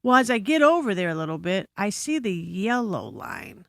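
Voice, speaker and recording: A woman guest on a podcast telling a story in casual chat, animated and full of swearing and asides, recorded in a studio. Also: mid-range voice, normal speed, vocal fry, no echo. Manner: animated, profane, frequent asides.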